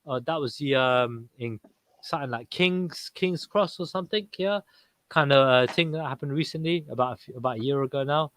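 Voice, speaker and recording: A British man with a mid-pitched voice talks in loose street slang, swearing freely and checking in with "you know what I mean" and "innit". He hosts a casual online panel, and his voice sits close and dry on the mic with no room sound. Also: fairly quick, fairly bright tone, no room sound.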